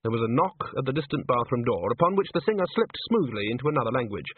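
Husky man narrating with lively pitch. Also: fast, few pauses, no echo. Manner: lively, expressive storytelling. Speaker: audiobook narrator. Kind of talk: scripted narration. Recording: dry, tinny phone-like sound.

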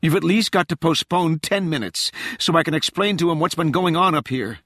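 A man reading an audiobook, voicing a frantic young woman intelligence officer in a high, pleading, insistent voice. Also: a little fast, fairly bright tone, dry recording, clean studio sound. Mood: urgent.

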